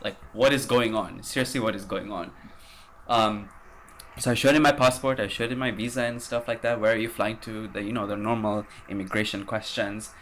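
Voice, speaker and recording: A man's voice: lowish voice, steady tone, a little fast, a bit bright, slight background noise. A man hosting a podcast, telling a travel story in a rambling, casual way, swearing and using lots of fillers. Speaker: podcast host.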